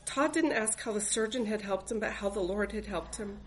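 A woman's voice: mid-range voice, moderate pace, a little hiss or hum, low-quality recording. A woman reading aloud from her own memoir as a mother, in an earnest, reflective voice. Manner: earnest, reflective, faith-filled.

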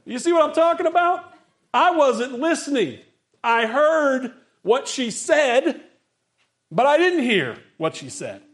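A middle-aged man preaching a sermon, telling stories with lively acted-out quotes. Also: very high voice, slow. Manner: animated storytelling with acted-out quotes. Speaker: pastor.

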